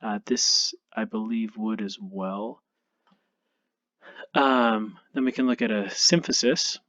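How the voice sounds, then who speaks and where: A male anatomy instructor giving a recorded lecture over slides, relaxed and self-deprecating, thinking aloud with frequent ums. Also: on the low side, slow pace, dry recording. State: tired, yawning.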